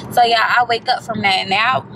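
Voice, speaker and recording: A woman vlogger telling a story to the camera in a casual, animated way, swearing freely and calling her viewers y'all. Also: on the high side, moderate pace, creaky, noisy background. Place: inside a parked car.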